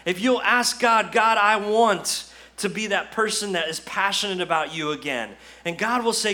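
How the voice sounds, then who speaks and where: A man's voice: high-pitched, moderate pace, hardly any pauses, bright, forceful tone. A man preaching a sermon as pastor, earnest and exhorting, full of repetitions and rhetorical questions. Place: church.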